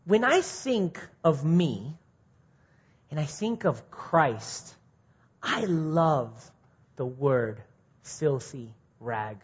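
Husky man preaching to a men's group. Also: very animated, extremely slow, pauses often. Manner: earnest, rising to indignant mimicry, then dropping quiet. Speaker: speaker at a men's ministry meeting. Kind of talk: informal sermon. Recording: muffled low-fidelity recording.

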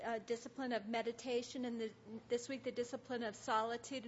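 A middle-aged woman giving devotional teaching with guided meditation, soft and hesitant with many pauses. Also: fairly high pitch, slight background noise. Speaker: women's ministry teacher. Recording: dull lo-fi recording.

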